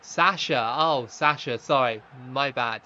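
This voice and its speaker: A young man streaming a football game, chatting with viewers and reacting loudly to the play, on a slightly dull lo-fi mic. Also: on the high side, normal speed. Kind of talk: live gaming stream commentary.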